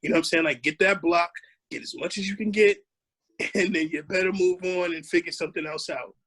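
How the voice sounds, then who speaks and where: A man's voice: high-pitched, steady tone, brisk, fairly bright tone. A man on an online panel, telling a story with lots of laughter and slangy, casual phrasing. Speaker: educator on a panel.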